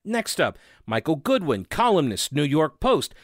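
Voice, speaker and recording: Man, political commentary, sarcastic, higher voice, dry close sound. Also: big pitch swings, unhurried, dry recording. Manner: sarcastic, conversational, reads headlines aloud. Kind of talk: opinion commentary reading headlines.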